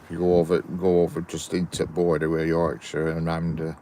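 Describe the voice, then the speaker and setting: A man's voice: sits low, completely flat delivery, brisk, dark tone, a little hiss or hum. A Northern English man chatting casually at the trackside, reading and answering viewers' messages in a rambling way. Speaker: trainspotting livestream host. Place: outdoors by a railway line. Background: birds and outdoor ambience.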